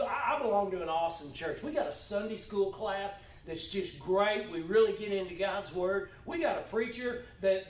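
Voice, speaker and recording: High-voiced folksy preacher in echoey church. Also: male voice. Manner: folksy, animated, jokey asides, repeats words. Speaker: pastor. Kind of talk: sermon. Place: church sanctuary. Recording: echoey church hall, mic at distance.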